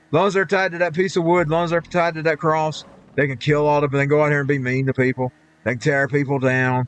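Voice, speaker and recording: A man's voice: on the high side, lively intonation, brisk. A man ranting indignantly while streaming a game, rambling and restarting his sentences. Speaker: live streamer.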